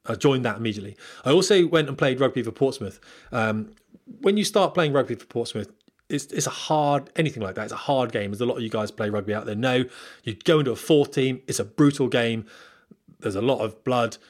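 A man talks straight to his viewers at a brisk clip, sharing blunt career advice from his flying days. His delivery is candid and rambling, full of fillers, restarts and asides. His voice sits in an ordinary middle register. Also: medium pitch. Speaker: former military pilot giving career advice. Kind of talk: casual monologue to viewers.

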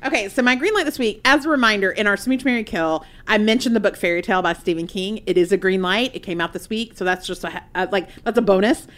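A woman co-hosting a pop-culture podcast, talking in an emphatic, animated, mock-indignant way. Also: mid-range voice, quick pace, few pauses. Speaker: podcast co-host. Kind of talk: casual pop-culture chat.

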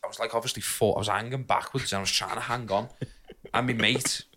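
A man's voice: mid-range voice, fairly even intonation, fast talker, bright, forceful tone. A young man telling a rambling childhood story on a podcast, laughing often and using lots of fillers. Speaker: podcast co-host. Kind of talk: casual storytelling chat.

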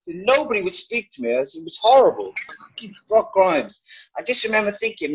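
A man on a panel telling a story in an animated, profane way, acting out shouted lines. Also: high-pitched, brisk, dull audio. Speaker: actor on a reunion panel. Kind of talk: casual anecdote.

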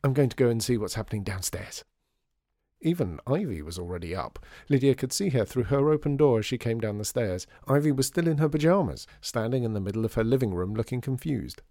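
A man narrating a story in an expressive reading style. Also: medium pitch, brisk, hardly any pauses, no room sound, studio quality.

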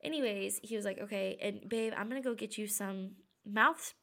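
A woman co-hosting a podcast, telling a funny story in animated bursts with a sore throat. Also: mid-range voice, brisk, gravelly. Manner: animated storyteller, quoting others in lively bursts. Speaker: podcast co-host. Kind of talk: casual storytelling chat.

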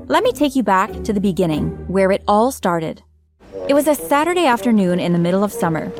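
Expressive woman narrating a dramatic story. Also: mid-range voice. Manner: expressive, dramatic first-person telling. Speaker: narrator voicing a teenage girl.

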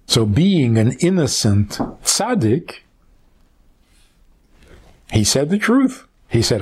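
A rabbi speaks in a slightly husky voice, unhurried, with a lot of rise and fall in pitch. He retells an old story as a teaching and keeps stopping to ask his listeners rhetorical questions. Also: sing-song, darkish tone.

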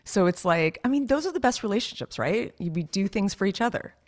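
A woman's voice: mid-range voice, animated, a little fast. A woman co-hosting a podcast in casual chat, talking loosely with plenty of fillers and frequent laughs. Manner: chatty, laughs often, lots of fillers. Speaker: podcast co-host.

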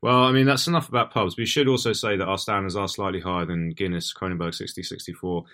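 A man with a very deep voice, co-hosting a podcast in relaxed chat. His humour is dry and wry. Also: fast talker. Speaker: podcast co-host. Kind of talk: casual chat.

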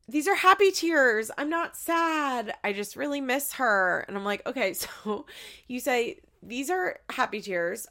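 A woman's voice: medium pitch, vocal fry, pushed and bright. A woman recapping a reality show in a casual, sarcastic, rambling way, swearing and filling her talk with "like.".

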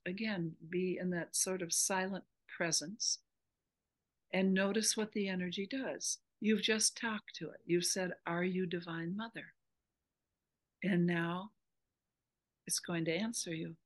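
A woman spiritual teacher in an interview, earnestly explaining a meditation practice step by step. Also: fairly low pitch.

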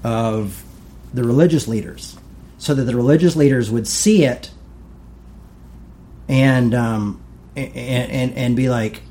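A male pastor preaching in a relaxed, chatty way and slipping into little acted voices for the people he quotes. His tone is mellow and dark, at a middle pitch. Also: unhurried, long pauses. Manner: conversational, animated, acts out quoted voices. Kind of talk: casual sermon.

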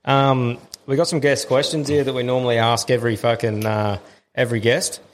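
A man's voice: mid-range voice, flat delivery, fairly quick, in a large hall, a little hiss or hum. An Australian man hosting a podcast, matey and informal, calling his guest bro as he reads out questions. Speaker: podcast host. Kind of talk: casual interview chat.

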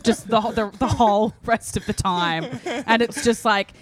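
A woman's voice: a little high, moderate pace, crowd noise. A young woman co-hosting a casual chat, laughing, swearing and reading passages aloud. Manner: laughing, profane, reads aloud. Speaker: podcast co-host.

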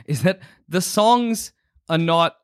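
A man's voice: a little high, lively intonation, slow. A man hosting a casual podcast chat, joking and laughing often. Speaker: podcast host.

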